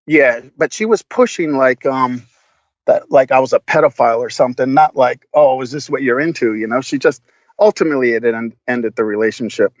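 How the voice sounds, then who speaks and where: A man's voice: medium pitch, a little fast, no room sound, muffled recording. A man guesting on a podcast, telling stories casually, laughing a lot and swearing freely with many restarts. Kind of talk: casual storytelling.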